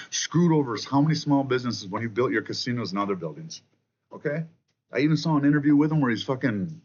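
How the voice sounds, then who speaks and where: A man ranting angrily and profanely about politics, loud and contemptuous. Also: lowish voice, highs cut off, slight background noise. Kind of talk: angry political rant.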